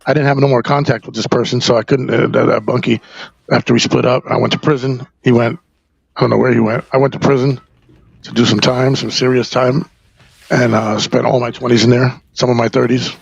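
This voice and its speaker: A New Jersey man appearing as a podcast guest candidly recounts a personal story, rambling and halting with plenty of fillers and profanity. His medium-pitched voice is level, creaky, and husky, recorded without room sound and with the highs cut off.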